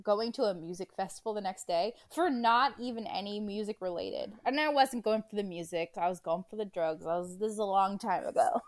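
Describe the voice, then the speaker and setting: A woman's voice: mid-range voice, fairly quick, few pauses. A woman in her early thirties with a general American accent, co-hosting a casual chat, blunt and self-mocking, swearing freely. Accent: none, general American. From south of Boston, raised in New Hampshire.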